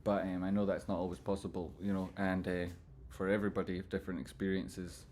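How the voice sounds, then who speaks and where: Scottish male stream host, lower voice, reads chat, swears casually, swings loud to soft. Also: little pitch movement, fast talker, slight background noise. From Scotland. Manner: chatty, swears freely, swings from loud jokey outbursts to soft sincere asides. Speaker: livestream host reading chat.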